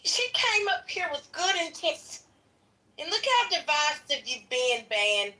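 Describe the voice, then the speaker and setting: A woman's voice: sits high, very animated, a little slow, pushed and bright, poor audio. A woman co-hosting a casual chat who talks in a sarcastic, mock-preachy way. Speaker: co-host.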